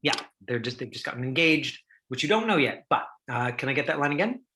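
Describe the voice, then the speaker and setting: A man's voice: a little high, expressive, fast, sharp tone, slight background noise, poor audio. A middle-aged man teaching an online acting class, chatty and full of fillers, acting out line readings for his students.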